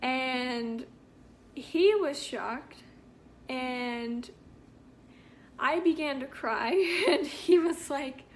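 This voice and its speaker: Young woman vlogger, high voice, slow unhurried delivery, earnest and heartfelt storytelling. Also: slight background noise. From Canada. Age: young adult. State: pregnant. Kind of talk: story time vlog.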